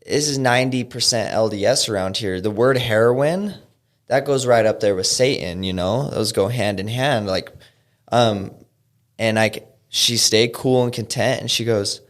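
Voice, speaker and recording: A young man from Utah telling his recovery story as a guest, halting with frequent fillers and restarts. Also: medium pitch. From Utah, USA. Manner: halting, lots of "you know" and "um", restarts. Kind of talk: personal storytelling in an interview.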